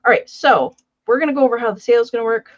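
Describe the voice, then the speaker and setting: A woman's voice: fairly high pitch, very fast, dull audio. A woman co-hosting a live vintage sale in casual chat, greeting viewers by name and walking through the steps with many fillers.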